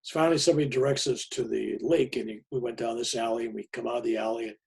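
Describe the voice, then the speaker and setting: Gravelly man telling a story. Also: mid-range voice, steady tone, fast talker, a little mellow. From United States. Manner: plainspoken and folksy, with many fillers and restarts. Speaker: pastor. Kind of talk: personal travel storytelling.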